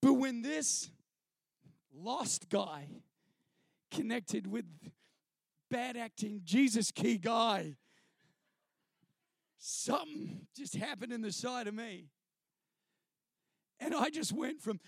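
A man tells a funny story from the stage in an unusually high voice. He is lively and animated, breaks into mimicry of others and laughs mid-sentence. The sound is very dry and close. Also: measured pace, creaky, pauses often, no room sound. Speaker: speaker sharing a testimony. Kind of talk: comic storytelling to an audience.

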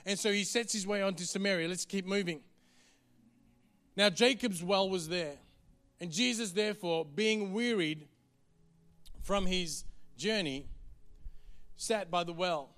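A man's voice: high voice, a bit bright, soft background music. A man preaching a sermon in an earnest, conversational way. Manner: earnest, conversational, quick to the point.

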